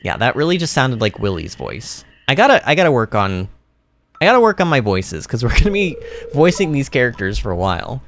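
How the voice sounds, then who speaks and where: A man's voice: medium pitch, very animated, brisk, fairly bright tone, slight background noise. A man giving rambling, self-deprecating commentary during a gameplay livestream, speaking into a streaming microphone.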